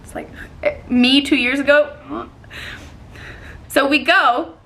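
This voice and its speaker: Woman, high bright voice, animated profane storytime vlogger. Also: slow, a little hiss or hum. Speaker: vlogger telling a dating story. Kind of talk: storytime vlog.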